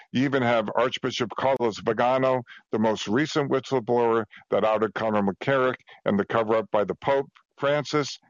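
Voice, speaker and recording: Fast-talking man on a dull lo-fi line. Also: mid-range voice, no echo. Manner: rushed, emphatic, piles on examples. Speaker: guest. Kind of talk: fast conversational testimony.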